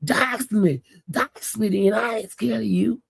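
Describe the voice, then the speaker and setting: A man voicing an angry, tipsy woman streamer who taunts her rivals, in a gravelly, husky voice. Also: high voice, measured pace, dry recording, pitched above the performer's own voice, exaggerated voice. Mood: taunting.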